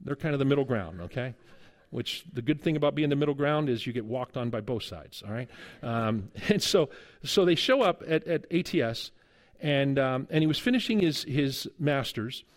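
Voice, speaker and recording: Middle aged guy preaching, storytelling sermon, jokey and lively, average pitch. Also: normal speed. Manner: lively, humorous storytelling with chuckles. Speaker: guest preacher and seminary teacher.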